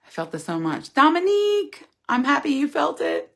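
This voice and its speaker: A woman's voice: high-pitched, sing-song, moderate pace, creaky, few pauses, a bit bright. A middle-aged woman hosting a casual live chat, reading viewers' comments aloud and answering them earnestly and candidly.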